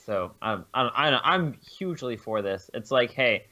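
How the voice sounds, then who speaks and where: Young podcast co-host guy, halting and rambly, kinda muffled lo-fi sound. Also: mid-range voice, expressive, pushed and bright. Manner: rambling, halting, with many restarts. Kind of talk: casual chat. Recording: dull lo-fi mic.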